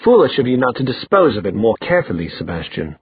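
A man voicing a proud, sarcastic young male fighter with a sharp, cutting delivery. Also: mid-range voice, sing-song, quick pace, breathy edge, no room sound. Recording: dry tinny phone-like sound.

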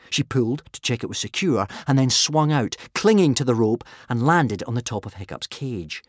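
Male audiobook narrator, animated delivery, dry studio sound. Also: medium pitch, no room sound. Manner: lively storytelling, many character voices. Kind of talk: expressive scripted narration.

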